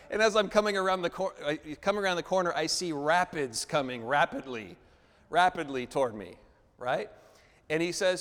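Pastor guy preaching, bit higher voice, keeps asking for amens, big church echo. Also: expressive, moderate pace, fairly bright tone. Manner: call-and-response preaching, asks for amens. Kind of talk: sermon. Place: church sanctuary. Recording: long reverb of a large church hall.

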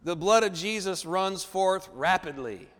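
A man's voice: high voice, expressive, measured pace, a bit bright. A man preaching a sermon as the pastor, calling for amens and asking the congregation to repeat after him. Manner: call-and-response preaching, asks for amens. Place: church sanctuary. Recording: long reverb of a large church hall.

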